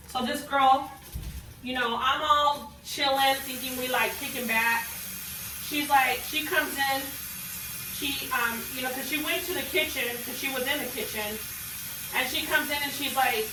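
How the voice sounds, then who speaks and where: A woman's voice: fairly high pitch, sharp tone, reverberant, distant mic, a little hiss or hum, poor audio. A young woman vlogging in her home kitchen, chatting casually and swearing freely as she tells a story while cooking. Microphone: camera away from the cook.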